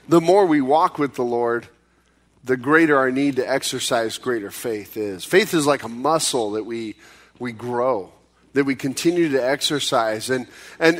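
A male pastor preaching with a fairly high voice. He talks to the congregation like a friend, then jumps up in pitch to act out desperate pleas. For weighty points he drops low and slows right down. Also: a bit bright. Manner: conversational preaching, acting out quoted pleas with sudden high bursts. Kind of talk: sermon.

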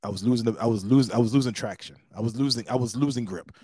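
A mid-pitched man tells a story on his podcast in a loose, animated way. He leaps up in pitch when he acts out what other people said. The sound is dry and close to the mic. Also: very fast, breathy edge, no echo. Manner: animated, acts out quotes with big pitch jumps. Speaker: podcast host. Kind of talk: casual storytelling.

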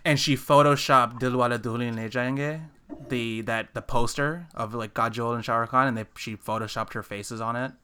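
A man hosting a casual podcast chat, telling stories in an animated way with lots of fillers. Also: mid-range voice, moderate pace, slight background noise. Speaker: podcast host.

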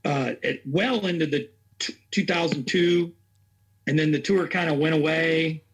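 A man's voice: on the high side, a little slow, breathy edge. A man working as a racing chaplain, telling his story in an interview in a rambling, earnest way and acting out what others said. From Tennessee.

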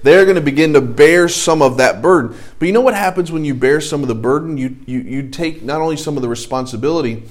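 A man's voice: a little high, quick pace, hardly any pauses. A middle-aged man teaching an adult church Bible class, telling stories in a loose, conversational way with emphatic stretches. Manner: conversational, anecdotal, sidetracked storytelling with rising emphasis.

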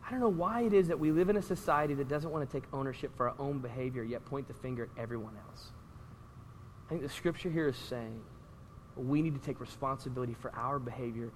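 A man preaching a sermon as pastor, animated and conversational, often checking in with the congregation. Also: medium pitch, fast talker, long reverb tail, a little hiss or hum.

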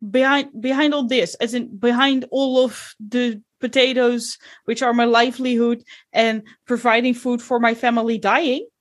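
A woman's voice: a little high, little pitch movement, normal speed, pitched above the performer's own voice, lightly acted. A woman voicing a flustered middle-aged male potato farmer in a tabletop role-play, stammering and evasive.

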